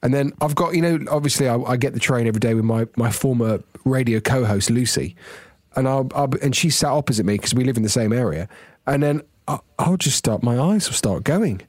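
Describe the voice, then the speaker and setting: A man's voice: mid-range voice, lively intonation, brisk, darkish tone, dry recording, studio quality. A middle-aged man, chatting as a podcast co-host and telling stories about himself with many restarts and a self-mocking tone. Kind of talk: casual chat.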